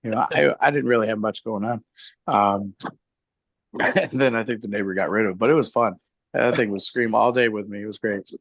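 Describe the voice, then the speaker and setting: A man with a fairly low voice chats casually as a guest on a live stream, wandering through his stories and laughing at them as he goes. The sound is dry and close, with no room around it. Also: moderate pace, fairly bright tone, no room sound. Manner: rambling, laughing storyteller. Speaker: guest, hobby shop owner.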